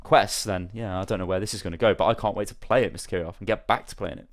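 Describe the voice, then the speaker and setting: A man hosting a casual podcast, telling a rambling, animated story and swearing freely. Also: fairly low pitch, fast. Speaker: podcast host. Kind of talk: casual chat.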